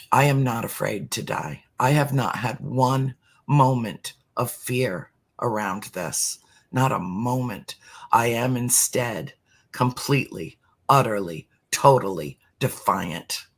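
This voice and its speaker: With a gravelly, medium-pitched voice, a middle-aged man talks slowly and deliberately in a heartfelt spiritual conversation. At moments he drops to a near-whisper to stress his words.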